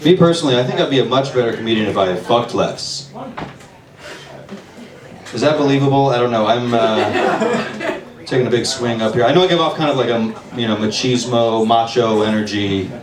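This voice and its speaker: A man's voice: medium pitch, fairly quick. A man doing open mic stand-up, nervous and self-deprecating, chatting with the audience. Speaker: stand-up comedian. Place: small bar venue with audience. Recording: echoey room with crowd, mic far off.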